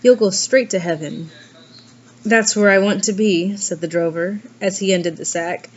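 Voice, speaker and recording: Woman reading a fairy tale out loud, does little voices for the characters, kinda muffled recording. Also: normal speed, slight background noise. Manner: acts out the characters with shifts in pitch and pace. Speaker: reader. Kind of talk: storybook reading aloud.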